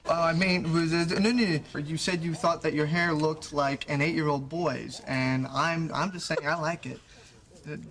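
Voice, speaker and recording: A man's voice: fairly high pitch, fairly even intonation, moderate pace, fairly bright tone. An actor playing an awkward man who fumbles and backpedals in a sitcom scene. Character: awkward adult man flirting clumsily. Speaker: sitcom character.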